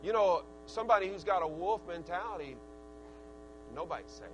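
A middle-aged man preaching a sermon in a folksy, earnest way, his loudness rising and falling. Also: high voice, fast, noisy background.

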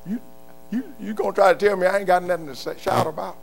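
An older man preaching a sermon, moving from quiet murmured storytelling to loud, impassioned shouts. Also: sits high, fast, creaky, a little hiss or hum. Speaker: pastor.

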